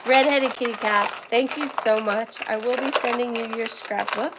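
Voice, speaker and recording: A woman's voice: on the high side, moderate pace, few pauses, noisy background. A woman hosting a live-stream sale, chatting fondly with viewers and thanking them by name while she feels a bit unwell. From southern United States. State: feeling unwell. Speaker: live-stream auction host. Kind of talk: casual live-stream selling chat. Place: home workspace.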